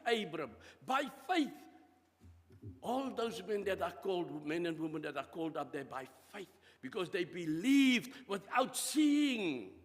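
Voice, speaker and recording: A man preaching a sermon in a church, animated and emphatic, with dramatic rises and drops in his voice. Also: high voice, long reverb tail.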